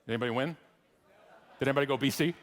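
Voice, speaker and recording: A man's voice: medium pitch, very fast. A middle-aged man with a Canadian accent giving a humorous keynote speech, wry and teasing the audience. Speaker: keynote speaker. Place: large conference hall stage. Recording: long reverb of a large hall.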